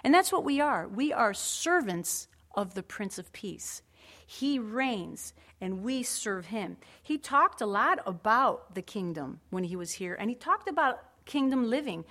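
A woman's voice: mid-range voice, big pitch swings, measured pace, a bit bright. A woman preaching a sermon in an earnest, emphatic way, with conversational asides to the congregation.

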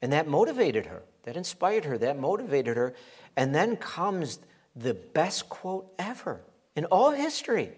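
A middle-aged man preaching with a voice pitched a little high for a man. He builds to emphatic peaks and slips into playful quoted voices as he makes his points. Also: sing-song, a little slow, a little mellow, husky. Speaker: pastor. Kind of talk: sermon.

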